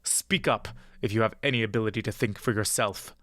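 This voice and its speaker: An actor playing a huge, scarred, tusked warrior who speaks in a gravelly, slow and contemptuous way. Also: male voice, lowish voice, bright, forceful tone, no room sound, clean studio sound. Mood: scornful. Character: scarred, tusked male warrior, large, seething and hostile.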